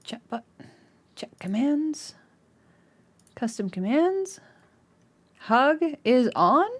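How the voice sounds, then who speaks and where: A young woman talks casually to her live-stream chat in a slightly high voice. She giggles a lot, and her voice jumps up into excited squeals. The talk is loose and chatty, full of restarts and fillers. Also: very slow.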